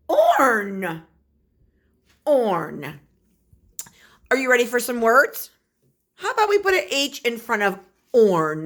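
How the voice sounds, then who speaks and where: A kindergarten teacher, a woman, giving a recorded phonics lesson and sounding out letters and words slowly for small children. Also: fairly high pitch, fairly bright tone.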